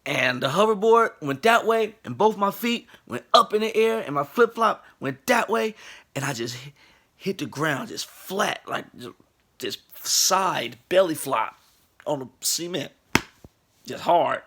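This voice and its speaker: A man in his late twenties telling a funny personal story in a casual, animated way, laughing and acting out the people in it. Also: fairly high pitch, measured pace. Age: late 20s.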